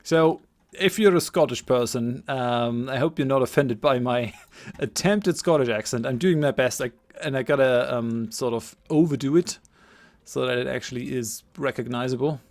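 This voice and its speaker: A man's voice: medium pitch, moderate pace. A man hosting a let's play, chatting casually and poking fun at himself. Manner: self-deprecating, chatty. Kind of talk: casual game commentary.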